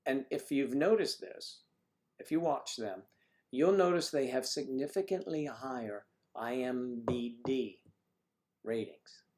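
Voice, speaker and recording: Guy just rambling to his chat, silly jokes, lots of um and uh, mid pitch voice. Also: measured pace, darkish tone. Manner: rambling, jokey, lots of fillers. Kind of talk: casual chat with viewers.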